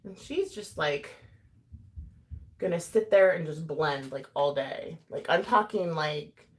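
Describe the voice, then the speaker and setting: A woman chatting casually and rambling through a makeup tutorial, with lots of fillers and asides. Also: takes it slowly. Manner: animated, swings in pitch and loudness. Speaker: YouTuber doing a makeup tutorial. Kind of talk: casual chat while doing makeup, talking to live chat.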